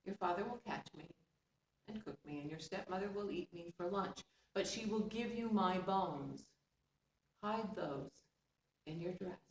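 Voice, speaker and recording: A woman's voice: on the low side, unhurried, natural voice. A woman storyteller voicing a kind, wise male talking fish who speaks earnestly and reassuringly. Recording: roomy, distant, faint background hum.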